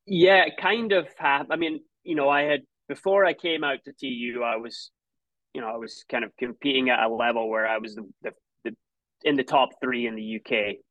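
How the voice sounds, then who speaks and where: A man's voice: medium pitch, steady tone, moderate pace, a bit bright, no echo, muffled recording. Scottish man telling stories, restarting often. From Scotland. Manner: rambling with many restarts and fillers. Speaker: guest, former college runner. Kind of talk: casual interview conversation.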